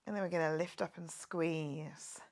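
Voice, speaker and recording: A woman's voice: low-pitched, steady tone, normal speed, a little mellow. A woman fitness instructor leading a guided workout class, joking around as she counts reps and cheers her viewers on. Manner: playful, jokey, counts reps aloud and cheers on.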